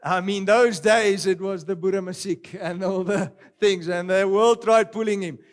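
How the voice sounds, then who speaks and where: A middle-aged man preaching a sermon, animated and swinging between loud exclamations and quiet storytelling. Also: high voice, measured pace. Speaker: pastor.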